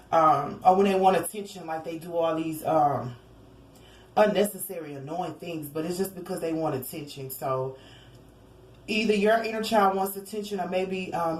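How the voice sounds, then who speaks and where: A woman's voice: fairly low pitch, a little hiss or hum. Chatty woman giving a rambling tarot reading. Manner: rambling, chatty, fillers and asides. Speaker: tarot reader. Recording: echoey room, faint ambience.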